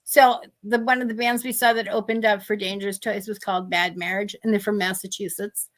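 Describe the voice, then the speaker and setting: A woman co-hosting a casual talk show, telling animated stories and acting out what other people said. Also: mid-range voice, a little fast. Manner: animated storyteller, acts out other people's lines. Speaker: podcast co-host. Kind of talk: casual chat, storytelling.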